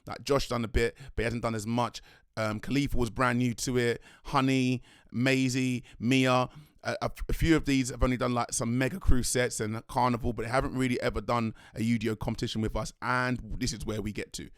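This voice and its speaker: Excitable young man telling a story. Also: mid-range voice, brisk, smooth, dry recording, studio quality. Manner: rambling, excitable, slangy, self-correcting. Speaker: dance crew leader and choreographer. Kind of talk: vlog storytelling.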